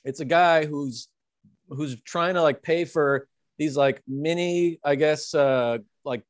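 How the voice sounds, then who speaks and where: A man with a fairly high voice tells a story in a casual podcast chat. He rambles, stacking "like" and "uh" as he goes. The sound is dry and close to the mic. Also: takes it slowly, no echo. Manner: rambling, filler-heavy anecdote telling with frequent "like" and "uh". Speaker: podcast co-host.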